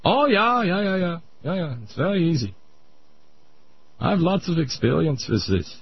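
A man's voice: a little high, very animated, normal speed, creaky, slightly rough, heavily acted. A man voicing a pompous older Viennese psychiatrist in a radio comedy bit, lecturing in a thick mock-German accent. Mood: smug. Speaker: comedy sketch character. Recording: muffled radio broadcast.

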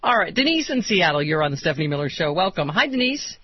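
A woman hosting a comedic talk radio show, animated and sarcastic, often laughing. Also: fairly low pitch, fast, slightly rough. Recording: lo-fi broadcast with faint hiss.

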